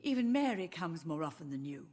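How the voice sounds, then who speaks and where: A woman's voice: sits low, big pitch swings, fairly quick. A grieving old mother, lilting. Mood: sorrowful. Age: older. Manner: soft, sorrowful, wandering. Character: elderly grieving mother, gently confused. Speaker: game character.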